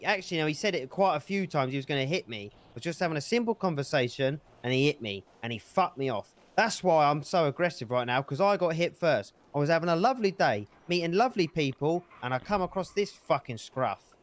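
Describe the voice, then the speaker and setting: Angry swearing man, lively pitch. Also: fast, few pauses. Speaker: roleplay character in a street dispute. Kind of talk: heated in-character roleplay argument.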